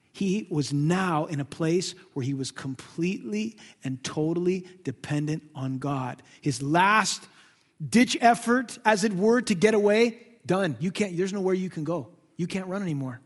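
A man preaching a sermon as pastor, dramatic, swinging from hushed tones to loud emphasis. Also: a little high, long reverb tail.

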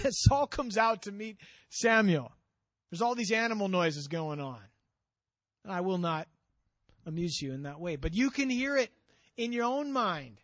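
Man, pastor, sermon, high voice, dry sound, animated storyteller. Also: a little slow, dry recording. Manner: animated storytelling, acts out quotes, drops low for emphasis.

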